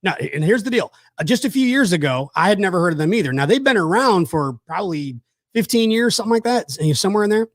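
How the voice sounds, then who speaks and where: A man's voice: high voice, lively intonation, fast talker, no echo, clean studio sound. A man hosting a casual chat, telling rambling, enthusiastic stories with lots of fillers. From South Georgia, USA. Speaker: host.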